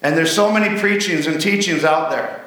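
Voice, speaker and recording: A man's voice: on the high side, normal speed, fairly bright tone, far from the mic. A man preaching a sermon, a folksy pastor who tells jokes. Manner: folksy, joking storyteller. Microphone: mic on a stand, then handheld. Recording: echoey hall.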